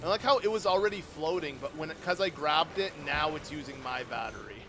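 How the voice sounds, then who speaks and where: A young man streaming a game, chatting casually and rambling as he answers his viewers, with sudden loud outbursts. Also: on the high side, a little fast, noisy background. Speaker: livestreamer playing a game. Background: game music.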